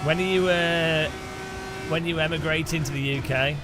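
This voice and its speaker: Against a noisy background, a man from Britain with a slightly high voice speaks at normal speed in a steady tone and British English accent. Streaming a sim race, he jokes with his viewers, laughs often and greets chat by name.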